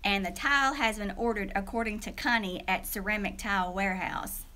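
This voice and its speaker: A woman's voice: medium pitch, steady tone, fairly quick, pushed and bright. A woman, a teacher chatting casually and a little nervously on a livestream from her classroom, greeting viewers by name.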